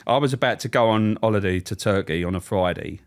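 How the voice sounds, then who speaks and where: A man's voice: fairly low pitch, fast. A middle-aged man, a podcast guest telling funny, sweary stories about his prison days and acting out the voices. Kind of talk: casual storytelling chat.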